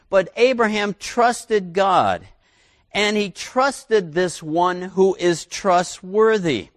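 A man's voice: fairly high pitch, no room sound, clean studio sound. A middle-aged male pastor preaching a sermon in a folksy, conversational way with asides to the congregation.

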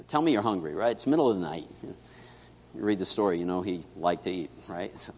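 A man preaching a sermon as pastor, telling a story and acting out its dialogue, swinging between loud and hushed. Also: low voice, lively intonation, fairly quick, slightly rough. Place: church sanctuary. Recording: echoey church hall.

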